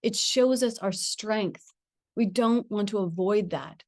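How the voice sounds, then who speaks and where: A middle-aged woman telling a personal spiritual story. She talks in an earnest, reflective way with gentle pauses and frequent small laughs. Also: mid-range voice, no echo, clean studio sound. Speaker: spiritual teacher.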